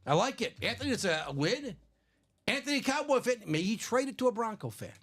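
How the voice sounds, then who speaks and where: A man with a Chicago accent hosting a live sports card break, chatty and animated, laughing often. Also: extremely high pitch, fairly quick. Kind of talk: casual live-stream chat.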